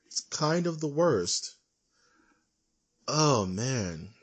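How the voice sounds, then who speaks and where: A man co-hosting a casual podcast, ranting in an animated, emphatic way. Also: mid-range voice, extremely slow. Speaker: podcast co-host. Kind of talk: casual chat.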